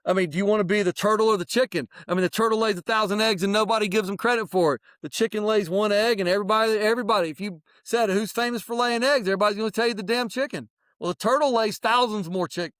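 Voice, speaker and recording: High-voiced animated man giving advice. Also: no room sound, clean studio sound. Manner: plain-spoken, mild swearing. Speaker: podcast co-host. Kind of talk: casual chat.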